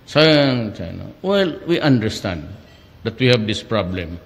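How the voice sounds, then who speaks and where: A Filipino-accented man delivers an unhurried, meandering speech, his pitch rising and falling widely as he leans on rhetorical questions. He slips back and forth between English and Tagalog. His voice rings out with a long reverb, as if recorded in a large hall. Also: big pitch swings. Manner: switches between English and Tagalog mid-sentence. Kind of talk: rambling public speech.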